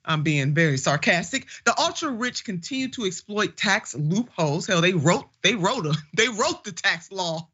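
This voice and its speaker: A woman's voice: mid-range voice, lively intonation, moderate pace, hardly any pauses, a bit bright, slightly rough, highs cut off. Emphatic, preacher-like woman host. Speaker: show host. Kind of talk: political commentary.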